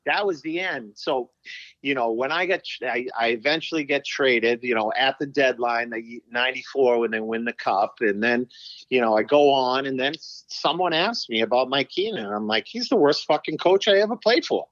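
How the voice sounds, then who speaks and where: A middle-aged man, a former pro hockey player, telling stories as a podcast guest in a profane, animated way, acting out quotes. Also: mid-range voice, normal speed, no room sound, highs cut off. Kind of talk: casual storytelling interview.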